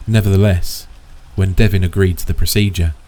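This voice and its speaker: Deep-voiced man narrating horror. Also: steady tone, dark tone, poor audio. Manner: measured, composed storytelling. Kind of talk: scripted first-person narration.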